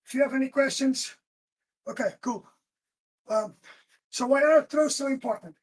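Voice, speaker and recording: A woman's voice: high-pitched, moderate pace, a little mellow. A woman teaching self-defense in a live class, giving short commands while she demonstrates moves. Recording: roomy echo from far off.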